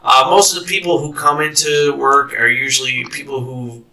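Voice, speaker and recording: A man's voice: medium pitch, fairly even intonation, normal speed, sharp tone. A man hosting a podcast interview, easygoing and affirming, with frequent backchannels. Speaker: podcast host. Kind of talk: casual interview chat. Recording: distant mic.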